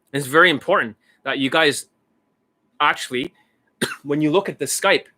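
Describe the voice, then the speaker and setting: A man's voice: fairly high pitch, bright, forceful tone, no echo. A man talking to his viewers as a dating coach in a rambling, blunt monologue, swearing casually.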